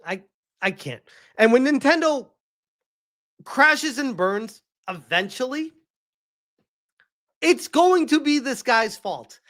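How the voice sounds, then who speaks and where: An exasperated man tearing into his subject on a live stream, swearing again and again. His pitch leaps and dives as he rants, very animated and full of heat. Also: slow, pauses often. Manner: heated, profane, exasperated. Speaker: gaming streamer.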